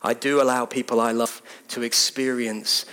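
A preacher putting on a calm teacher rebuking his followers. He speaks low and quiet, slow and measured, firm without raising his voice. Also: smooth, close to an everyday voice. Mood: stern.

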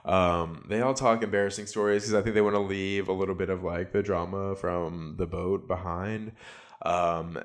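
A man's voice: sits low, steady tone, normal speed. A man giving a casual, sarcastic solo recap of a reality show, full of likes and ums.

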